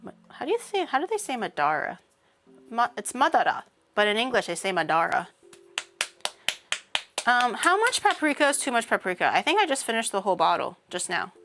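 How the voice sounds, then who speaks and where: A woman streamer chatting casually while she cooks, rambling and breaking into animated mock-outraged rants. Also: on the high side, background noise. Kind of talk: casual livestream chat while cooking.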